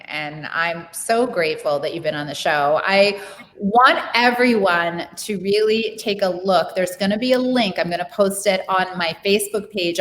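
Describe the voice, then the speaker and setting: A woman's voice: mid-range voice, a bit bright. A woman hosting a podcast, chatting with her guest over a video call. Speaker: podcast host. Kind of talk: casual interview chat.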